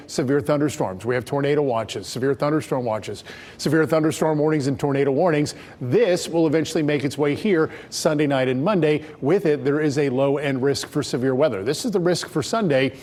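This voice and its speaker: A man presenting a local TV weather forecast in a brisk, conversational way. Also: a little high, a little mellow. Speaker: meteorologist.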